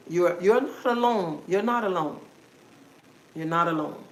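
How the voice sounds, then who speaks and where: A woman's voice: fairly low pitch, measured pace, roomy sound, poor audio. A woman hosting a livestream, giving a repetitive, preachy, encouraging motivational talk. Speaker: livestream host.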